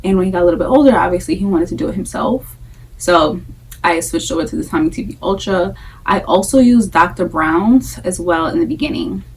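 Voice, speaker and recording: A woman's voice: lowish voice, lively intonation, brisk, breathy edge, recorded from a distance, poor audio. A young adult woman talking casually to camera about her experience as a mother, candid and chatty, often repeating phrases for emphasis. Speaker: vlogger, breastfeeding mom.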